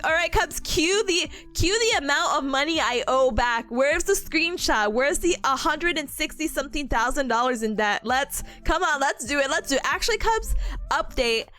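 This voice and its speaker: A young adult woman streams a study session, her high-pitched voice at normal speed over faint background music. In this casual live-stream chat she talks to her viewers, laughs often, and rambles lively between stories.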